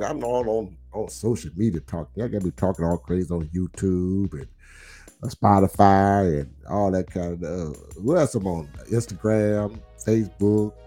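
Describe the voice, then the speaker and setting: A man's voice: fairly low pitch, a little mellow. A middle-aged man, teasing his viewers in boisterous, laughing trash talk on a live stream. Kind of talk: casual live-stream banter.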